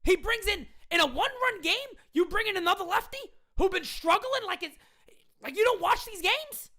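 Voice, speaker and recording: High, bright voice in a furious rant. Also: female voice, expressive, normal speed. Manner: loud, indignant, repetitive ranting. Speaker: sports fan ranting. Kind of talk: live rant into a phone camera. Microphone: phone camera.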